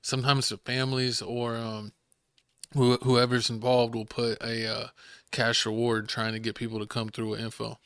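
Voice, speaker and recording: A man hosting a casual podcast, with a Texan accent and a laid-back, wry, deadpan manner. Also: medium pitch, normal speed, smooth, no room sound, studio quality. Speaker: podcast host.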